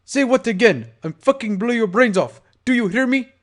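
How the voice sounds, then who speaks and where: Brief: high, animated taunting pony thug, read by a male narrator, crude and profane. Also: moderate pace. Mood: furious. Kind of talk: fan audiobook character voice.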